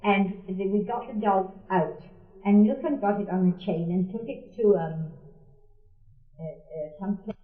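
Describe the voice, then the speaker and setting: A woman's voice: medium pitch, measured pace. An older woman recounting a personal memory for an oral history, wry and often laughing as she quotes others. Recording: tinny, echoey archival tape.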